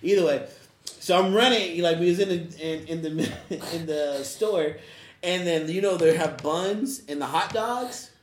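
A man's voice: a little high, a little slow, reverberant, a little hiss or hum. A man telling a casual, funny personal story, often laughing as he talks. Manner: laughs through his telling, loose casual speech. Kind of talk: casual anecdote.

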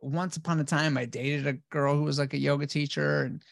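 A man's voice: on the high side, little pitch movement, a little fast, vocal fry, no room sound, studio quality. A man telling his own story casually as a guest, blunt and profane, acting out his old replies.

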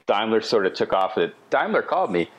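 A middle-aged man spinning a long anecdote on a podcast, his voice sitting fairly low. He talks casually and with animation, slipping in chatty asides as he goes. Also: big pitch swings, fast, muffled recording. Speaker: podcast guest. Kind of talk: casual storytelling.

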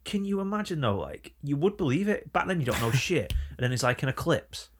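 A man in casual banter, telling animated stories full of swearing and put-on voices. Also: fairly high pitch, brisk, slight background noise.

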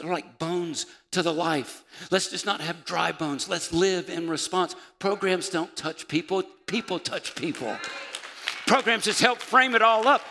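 A man preaching a sermon as pastor, moving between loud calls and hushed, near-whispered passages. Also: fairly high pitch, creaky. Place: church sanctuary. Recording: church sanctuary with long reverb.

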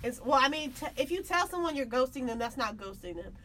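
Bright, high-voiced young woman, blunt and slangy. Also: animated, fast talker, a little hiss or hum. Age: young adult. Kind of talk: casual group chat.

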